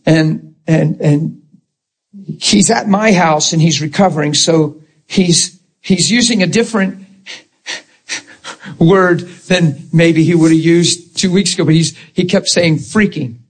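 A man who is a Christian minister, telling stories in an animated chat, emphatic and often laughing as he talks. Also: on the high side, unhurried, slightly rough.

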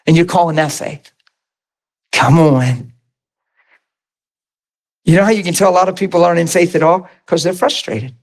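A male preacher delivering a sermon in a lively, animated storytelling manner, often laughing and leaping up into high acted voices. His voice sits a little higher than most men's. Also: normal speed, long pauses. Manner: animated, laughing storyteller with big pitch swings.

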